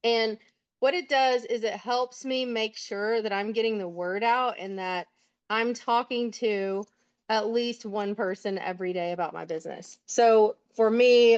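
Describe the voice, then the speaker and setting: A woman's voice: medium pitch, steady tone, measured pace, smooth, highs cut off. A woman presenting a sales plan on a video call, upbeat and explaining step by step. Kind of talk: virtual team training talk.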